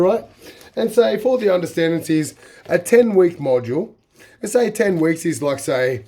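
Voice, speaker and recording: Rambling Australian man, slightly husky. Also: a little high, darkish tone. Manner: rambling, fills with "say" and "like". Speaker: vlogger. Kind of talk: casual talk to camera.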